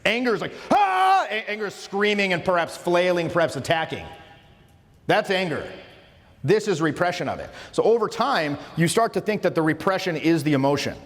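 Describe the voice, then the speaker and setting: A fairly high-voiced man teaches social skills in an easygoing lecture. He talks with informal emphasis and often restarts his sentences. His voice carries a long reverb tail from the room. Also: expressive, a little fast. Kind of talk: casual instructional lecture.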